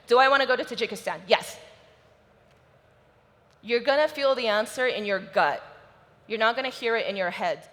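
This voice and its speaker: A woman's voice: medium pitch, a bit bright. A woman giving a motivational stage talk at a conference, telling a personal story with open emotion. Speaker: conference speaker. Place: large conference hall stage. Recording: reverberant conference hall.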